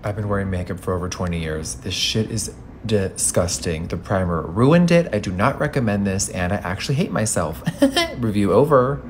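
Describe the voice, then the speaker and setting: A man's voice: fairly low pitch, moderate pace, noisy background. A man in his thirties reviewing makeup in a casual vlog, campy, sassy and freely swearing. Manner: campy, sassy and profane, lively exclamations.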